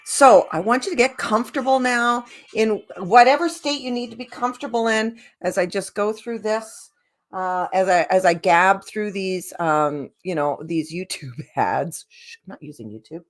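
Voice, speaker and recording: A woman leading a laughter yoga session, bubbly and giggly, gently coaching the viewer directly. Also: medium pitch, measured pace.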